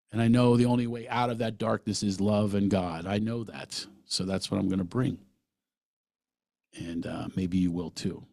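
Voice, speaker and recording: A man's voice: low voice, creaky, breathy edge, no room sound. A man hosting a solo podcast, talking earnestly and emphatically and sometimes acting out other voices. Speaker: podcast host.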